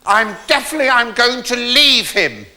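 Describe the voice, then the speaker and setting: Man doing a hysterical bride, shrill, breathless, repeating herself, high lively voice. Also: fast, vocal fry, exaggerated voice. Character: hysterical newlywed woman, sobbing and shouting.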